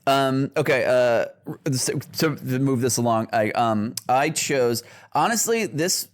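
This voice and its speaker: A man's voice: medium pitch, animated, unhurried. Rambling, profane male podcast co-host. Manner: rambling, profane, laughs often, many fillers and restarts. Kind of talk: casual comedic podcast chat.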